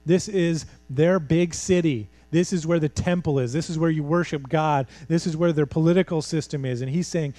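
A pastor delivers his sermon in a mellow, fairly high voice, the sound dry and close. He talks like he's chatting with his congregation, then leans hard on key words and throws out rhetorical questions. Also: moderate pace, few pauses, dry recording. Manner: conversational and emphatic, with rhetorical questions.

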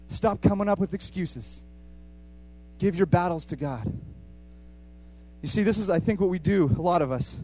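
A man preaching a sermon with passion, repeating phrases for emphasis and swinging between hushed and loud. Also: high-pitched, animated, normal speed, pauses often, slight background noise.

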